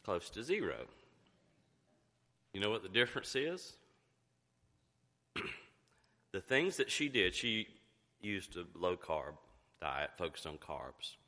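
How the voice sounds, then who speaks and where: Middle-aged male pastor, low animated delivery, emphatic rhetorical questions, coughing, church hall reverb. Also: slow, pauses often. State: coughing, fighting to get words out. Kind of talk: sermon.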